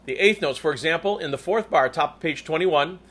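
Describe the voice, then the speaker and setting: Bright-voiced man coaching a choir. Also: a little high, fairly quick. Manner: clear, patient spoken instruction, careful diction. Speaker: choir conductor. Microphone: new microphone.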